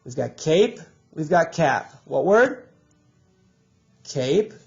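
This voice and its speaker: A man teaching a recorded reading lesson to children, drilling sounds and words in slow call-and-response. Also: fairly high pitch, very animated, creaky, a little mellow, lo-fi sound.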